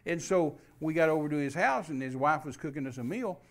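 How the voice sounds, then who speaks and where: A man preaching a sermon, telling a story with animated delivery that rises to loud calls. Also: fairly high pitch, brisk.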